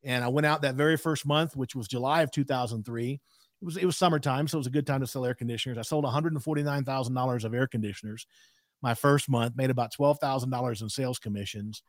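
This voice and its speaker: A man's voice: mid-range voice, fast, no echo, studio quality. A man in his sixties, a podcast guest telling a candid story in an emphatic way with frequent asides.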